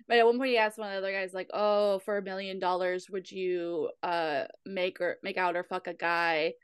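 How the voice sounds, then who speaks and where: Woman podcast co-host, animated and giggly, casual swearing, dry mic. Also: on the low side, normal speed, smooth, dry recording. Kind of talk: casual recap chat.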